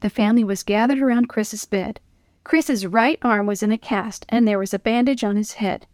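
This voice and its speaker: A woman narrating a children's story in a gentle, clear reading voice. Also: mid-range voice, normal speed, dry recording, studio quality.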